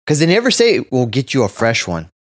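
A man's voice: medium pitch, wildly swooping pitch. A man co-hosting a podcast, who jokes and teases in casual chat. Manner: joking, teasing, quick with jokes. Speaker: podcast co-host.

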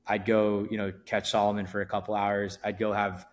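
A man with a fairly low voice talks loosely on a podcast. He rambles, restarts his sentences and leans on fillers, easygoing throughout. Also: completely flat delivery, brisk. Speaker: event promoter guest. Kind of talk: casual podcast interview.

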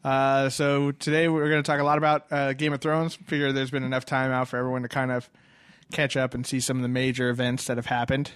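A man's voice: medium pitch, little pitch movement, a little fast, a bit bright, clean tone, no echo. Laid-back man hosting crude chat. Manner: laughs easily, crude banter. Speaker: podcast host. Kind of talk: casual chat.

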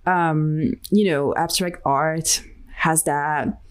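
A woman's voice: deep voice, fairly even intonation, very slow. A young woman being interviewed about her art, talking candidly and reflectively, with many fillers and restarts. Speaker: interview guest, digital artist. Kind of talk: casual interview conversation.

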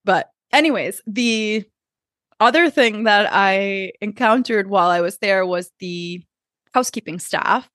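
Woman podcast co-host, casual storyteller, mid pitch, dry close mic. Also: a little slow, a bit bright, no echo. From Portuguese family heritage. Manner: chatty storyteller, heavy use of "like". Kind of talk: casual chat.

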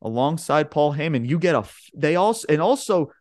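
Excitable swearing man, higher voice. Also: a little fast, no echo, clean studio sound. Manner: excitable, swears often, says "bro" and "man"; rambling play-by-play retelling. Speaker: podcast co-host. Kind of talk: casual chat.

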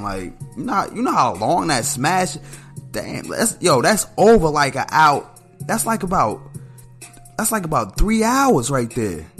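Profane ranting man, lively pitch. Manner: blunt, profane, ranting with heavy filler "man"; animated, pitch jumps when outraged or amused. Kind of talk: casual solo commentary.

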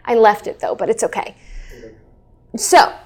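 A woman in her thirties hosting a casual chat, explaining history in a lively, chatty way. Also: a little high, unhurried, crowd noise. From Kansas City area. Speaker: weather show host.

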